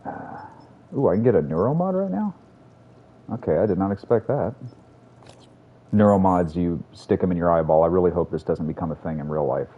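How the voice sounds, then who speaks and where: A man's voice: low voice, a little hiss or hum. A man streaming a video game, rambling casually and joking about himself as he plays. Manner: rambling, self-deprecating, drawling. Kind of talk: casual gameplay commentary. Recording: dull lo-fi audio with faint game music.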